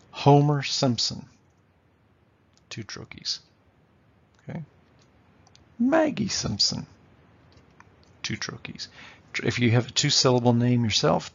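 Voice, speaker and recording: A man's voice: mid-range voice, gravelly, husky, dull audio. A man teaching literature in a lecture, explaining and tapping out rhythms aloud, often checking in with "okay?". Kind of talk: classroom lecture.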